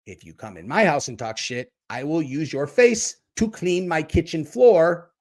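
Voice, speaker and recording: A man's voice: a little high, expressive, a little slow. A man hosting a livestream, ranting and mocking chat commenters with a lot of swearing. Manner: profane, mocking, talks back to chat. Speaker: livestream host. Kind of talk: casual livestream rant.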